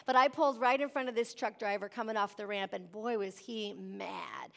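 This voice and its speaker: A woman preaching a sermon, lively and emphatic, often asking the congregation "amen?". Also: mid-range voice, moderate pace, vocal fry. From Wisconsin. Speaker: pastor.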